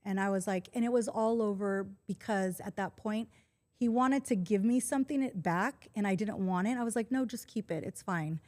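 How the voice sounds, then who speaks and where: A woman in her forties, a podcast guest, telling a personal story in casual conversation, calm and earnest. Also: medium pitch, moderate pace. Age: 40s.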